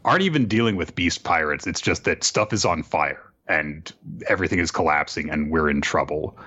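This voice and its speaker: A man's voice: a bass voice, expressive, brisk, bright, forceful tone, slightly rough. A man on a podcast animatedly retelling an anime episode in casual, profane chat. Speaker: podcast co-host. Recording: dull lo-fi sound.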